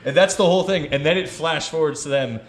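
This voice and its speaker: A man's voice: fairly high pitch, fast talker. A man hosting a comedy podcast, talking casually in a laid-back way, saying "dude" a lot and slipping into cartoon voices. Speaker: podcast host.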